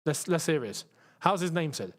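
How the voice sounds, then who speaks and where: A young man talks through a live football match for his viewers, using casual slang. His voice sits high and swings widely, and he bursts into yells whenever a chance goes begging. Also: moderate pace. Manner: excitable, shouts at chances, chatty slang. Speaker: football channel host. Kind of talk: live match watchalong commentary.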